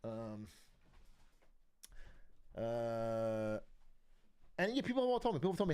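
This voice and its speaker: A man's voice: sits high, big pitch swings, unhurried, pauses often, darkish tone, smooth. A young man streaming, chatting casually with viewers in a rambling, profane way and laughing often. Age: young adult.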